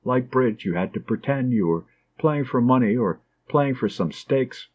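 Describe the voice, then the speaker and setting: Calm male audiobook narrator, muffled sound. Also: mid-range voice, normal speed, husky.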